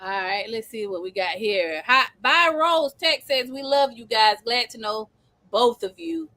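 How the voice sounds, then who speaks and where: A middle-aged woman co-hosting a livestream with her husband, emphatic and quick with churchy affirmations. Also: a little high, animated, sharp tone, dry recording. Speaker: co-host, the host's wife. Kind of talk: casual livestream chat.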